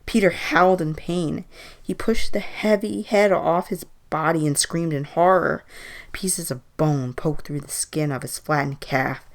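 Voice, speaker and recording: A woman reading a Halloween horror story aloud in an even, measured way. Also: deep voice.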